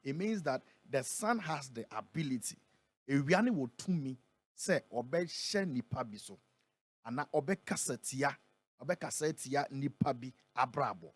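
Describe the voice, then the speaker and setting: A Ghanaian man who is a prophet, speaking in a radio interview and reading scripture aloud, slowing down and building on the key words. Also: medium pitch, lively intonation, no room sound. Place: radio studio.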